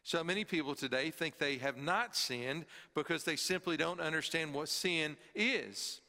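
A middle-aged man preaching a sermon as pastor, earnest, swinging from emphatic high peaks to quiet low drops. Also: moderate pace. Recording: long hall reverb.

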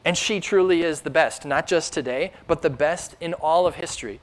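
A man's voice: fairly high pitch, moderate pace. A man preaching a sermon in an earnest, emphatic way, building up through rhetorical questions. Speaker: pastor.

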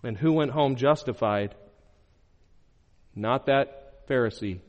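A man's voice: slow, highs cut off. Emphatic male preacher in a reverberant hall. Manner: swings from loud emphatic bursts to low quiet phrases. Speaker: pastor. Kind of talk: sermon. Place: church sanctuary.

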